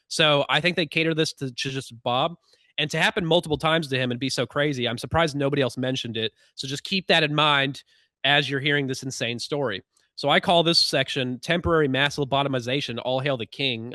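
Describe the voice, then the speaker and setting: Fast-talking male podcast host. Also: medium pitch, dry recording, clean studio sound. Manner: fast-talking, animated, wry. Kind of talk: casual conversational commentary.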